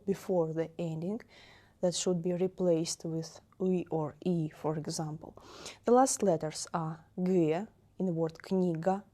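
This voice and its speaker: A woman's voice: lowish voice, mellow. A woman teaching a grammar lesson, patiently repeating each example word. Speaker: Russian language teacher.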